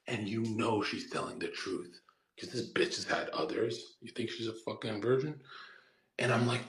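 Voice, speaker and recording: A man's voice: lowish voice, normal speed, echoey room. A man in his twenties ranting crudely in casual chat as a streamer, acting out quoted voices. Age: 20s.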